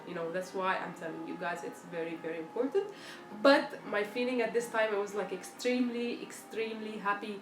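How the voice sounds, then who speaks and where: Chatty young woman on a live stream. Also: medium pitch. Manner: chatty, animated storytelling, acts out quoted dialogue. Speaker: live-stream host answering viewer questions. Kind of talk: casual live Q&A chat. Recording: echoey room, faint background noise.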